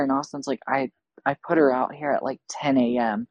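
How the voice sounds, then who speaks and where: A woman's voice: a bass voice, fairly quick, creaky, no room sound, low-quality recording. A woman on a podcast over a video call, telling a story casually with lots of swearing and acted-out dialogue. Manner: profane, animated, acts out quoted dialogue. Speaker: podcast guest.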